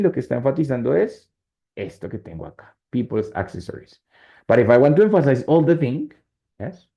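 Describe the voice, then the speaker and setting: Man teaching English grammar. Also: fairly low pitch. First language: Spanish. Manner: switches between English and Spanish, checks in with students often. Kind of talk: online class explaining grammar. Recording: slightly dull lo-fi sound.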